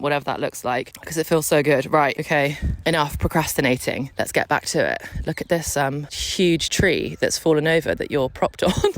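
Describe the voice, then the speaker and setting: A woman's voice: low-pitched, dry recording. A young woman chatting casually in a lifestyle vlog while out on a run in a park, out of breath, bubbly and laughing often. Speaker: lifestyle vlogger. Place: park outdoors.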